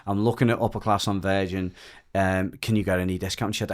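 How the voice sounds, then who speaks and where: A man's voice: sits low, little pitch movement, fast talker. British man telling an emotional story. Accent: British English. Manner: rambling, emotional retelling with quoted dialogue. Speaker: podcast guest. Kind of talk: casual storytelling chat.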